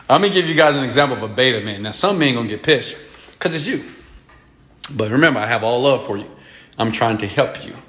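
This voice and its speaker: A man's voice: mid-range voice, animated, a little fast, long pauses, a bit bright. A man who is an entrepreneur and mentor, lecturing his viewers bluntly and emphatically, swearing and checking in with "okay?". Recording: echoey room.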